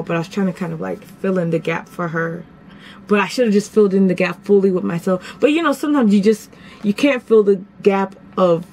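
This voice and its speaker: A young woman vlogging at home, telling a story in a casual, animated, dramatic way with sudden jumps in pitch. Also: slight background noise.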